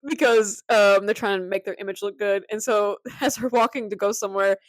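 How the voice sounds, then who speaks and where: A woman co-host chatting casually on a podcast, telling stories in an animated way and laughing often as she acts out lines. Her voice sits at a middling pitch and sounds close and dry, with no room around it, through an inexpensive desk mic. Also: a little fast, no room sound. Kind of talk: casual chat. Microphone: cheap desk mic.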